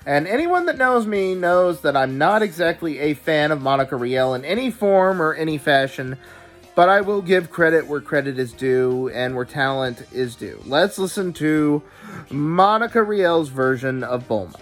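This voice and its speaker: A man's voice: a little high, expressive, moderate pace, faint music behind. A man hosting a video, giving opinionated casual commentary with stammering asides. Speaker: video host reviewing dubs.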